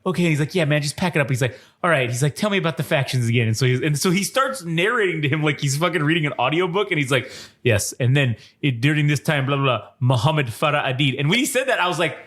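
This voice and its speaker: A man co-hosting a review podcast, excitedly retelling scenes, acting out characters' lines with laughter and swearing. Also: a little high, fast, few pauses. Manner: animated, laughing, acts out scenes in quoted voices. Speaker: podcast co-host reviewing a TV show. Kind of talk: casual recap chat.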